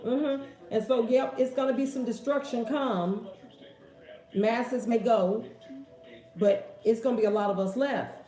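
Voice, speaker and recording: A woman's voice: on the high side, a little slow, mellow. A woman hosting a casual question-and-answer talk, with an emphatic, preachy, folksy way of speaking. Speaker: host. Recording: echoey room.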